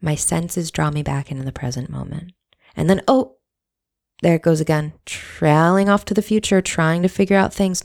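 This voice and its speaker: A woman's voice: low voice, fairly even intonation, normal speed, vocal fry, a little mellow. A woman candidly telling a personal story in a reflective, casual monologue, swearing now and then.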